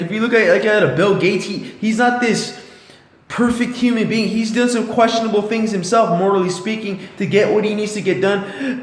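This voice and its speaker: Young male vlogger, high-pitched, blunt and profane lecture, echoey room. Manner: profane, emphatic, lecturing, repeats "okay?". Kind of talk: blunt motivational rant. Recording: echoey room with long reverb.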